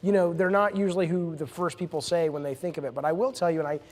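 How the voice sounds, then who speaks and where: An enthusiastic man with a slightly high voice, speaking as a game director on a live panel. He tells stories eagerly and often restarts his sentences. The sound carries a long hall reverb. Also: fairly even intonation, quick pace, a little mellow. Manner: enthusiastic storyteller with many restarts. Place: stage at a live event.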